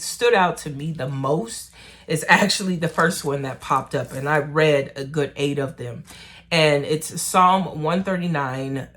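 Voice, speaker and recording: A woman talking slowly to her camera at home about her faith, in a soft and emotional way with pauses. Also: low voice. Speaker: vlogger. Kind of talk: personal faith vlog, candid talk to camera.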